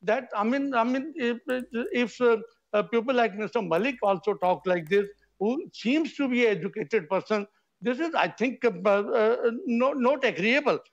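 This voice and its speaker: A man's voice: extremely high pitch, moderate pace, muffled recording. A middle-aged Indian man, a doctor on a TV debate panel, talking insistently and repeating himself to hold the floor. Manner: insistent, talks over others, repeats himself. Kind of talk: heated TV debate.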